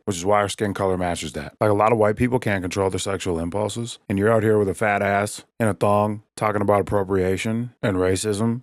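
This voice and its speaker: A man's voice: lowish voice, a little mellow, dry recording, clean studio sound. A man doing a crude, provocative stand-up comedy rant, filling his lines with "like".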